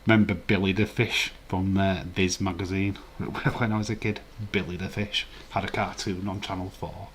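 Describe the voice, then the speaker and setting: A man's voice: low-pitched, little pitch movement, normal speed, few pauses, a bit bright, a little hiss or hum. A man hosting a casual live stream, rambling and chuckling while reading the chat. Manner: rambling, chuckling, chatty asides.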